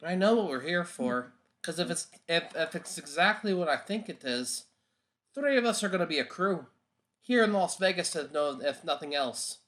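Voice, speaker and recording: A man playing a tabletop game, calmly describing his character's actions with some hesitant fillers. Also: on the high side, normal speed. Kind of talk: in-character roleplay.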